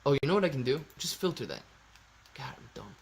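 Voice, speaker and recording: A man hosting a casual livestream, reading viewer super chats aloud in a slangy, excitable way with sudden loud bursts. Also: medium pitch, fast, vocal fry. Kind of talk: casual live-stream chat.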